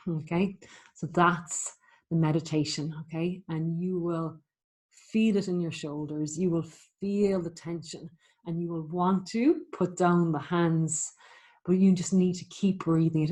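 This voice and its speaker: Low, even-toned woman teaching meditation. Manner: gentle, encouraging, chatty with many fillers. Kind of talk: spoken meditation instruction.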